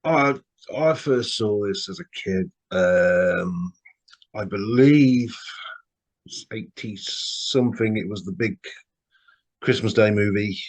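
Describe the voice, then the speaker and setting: A man's voice: lowish voice, slow. A man co-hosting a casual film podcast, laid-back, swearing casually and murmuring agreement. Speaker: podcast co-host.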